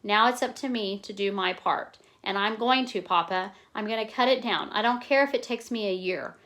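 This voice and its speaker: A woman's voice: mid-range voice, normal speed, fairly bright tone, close to an everyday voice. A woman reading the lines of a determined, earnest farm boy who pleads with his father.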